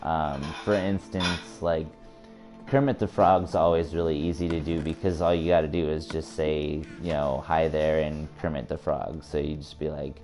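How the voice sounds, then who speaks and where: Deep, mellow-voiced streamer chatting casually. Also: male voice, level tone, moderate pace, soft background music. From United States. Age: 20s. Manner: chatty, laughs often, many restarts. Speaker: live streamer. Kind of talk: casual live-stream chat.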